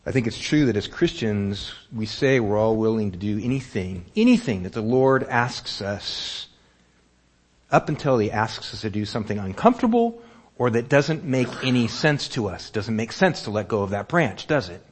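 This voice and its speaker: Man preaching, lively rising and falling. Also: on the low side, normal speed, breathy edge. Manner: animated storytelling, rhetorical questions. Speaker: pastor. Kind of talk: sermon.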